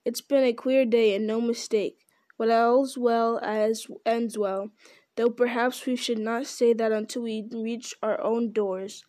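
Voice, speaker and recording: A woman reading the lines of a blunt, hearty old male farmer, raised and loud. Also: a little high, level tone, a little slow, dry recording, natural voice.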